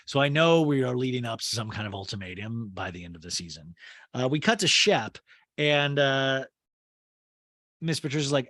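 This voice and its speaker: A man's voice: medium pitch, expressive, moderate pace, a bit bright, no room sound, clean studio sound. A man hosting a podcast, rambling through a chatty episode recap with lots of filler words. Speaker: podcast host.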